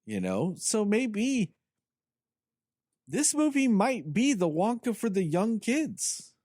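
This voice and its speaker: Animated, sarcastic man reviewing movies. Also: high-pitched, takes it slowly, dry recording, clean studio sound. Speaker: podcast co-host. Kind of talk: casual movie review chat.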